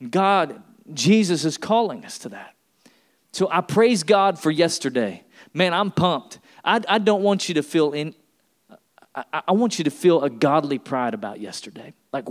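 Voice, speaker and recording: A man's voice: a little high, animated, moderate pace. A man preaching a sermon as pastor, emphatic and building to repeated refrains.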